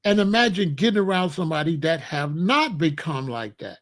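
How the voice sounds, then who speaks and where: A man's voice: fairly high pitch, big pitch swings, a bit bright. A man in his sixties hosting his own show, talking in a casual, emphatic monologue and drawing out his phrases. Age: 60s. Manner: emphatic, repetitive, drawn-out phrasing. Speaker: show host.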